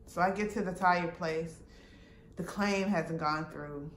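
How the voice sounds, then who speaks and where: A woman's voice: on the low side, a little slow. A woman casually retelling a frustrating personal experience, full of fillers and quoted dialogue. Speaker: vlogger. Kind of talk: personal storytime. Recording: roomy with faint background noise.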